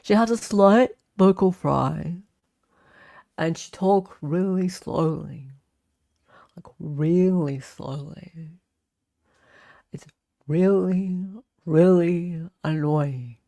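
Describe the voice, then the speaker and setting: Slow draggy melancholy lady lawyer w/ vocal fry, an aussie woman putting it on, gravelly. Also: lowish voice, mellow, dry recording, studio quality. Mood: drawling, weary. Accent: Australian. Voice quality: slight vocal fry, drawn-out slow delivery.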